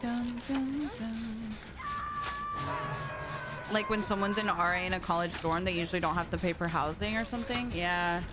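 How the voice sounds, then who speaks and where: A woman's voice: on the low side, quick pace, hardly any pauses. Chatty young woman streamer over music. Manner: chatty, switches between English and Spanish; laughs easily, talks back to chat. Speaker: game streamer. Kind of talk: casual live-stream chat while gaming. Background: background music.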